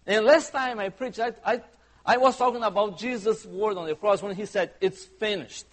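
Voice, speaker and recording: A man's voice: sits high, normal speed. A man preaching a sermon as pastor, conversational and humorous, often asking the congregation questions. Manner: humorous asides.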